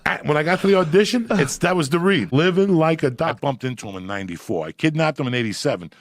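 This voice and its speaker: Gravelly, rowdy storyteller. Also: male voice, on the high side, lively intonation, fast, dry recording, clean studio sound. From New Jersey. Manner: loud, profane, laughs through his stories. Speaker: podcast guest. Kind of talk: storytelling on a podcast.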